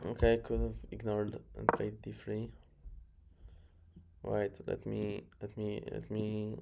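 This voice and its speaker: A man's voice: on the low side, monotone, takes it slowly. A man casually reviewing his own chess games, muttering moves, correcting himself and chuckling along the way. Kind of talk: casual game review commentary. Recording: clear background noise.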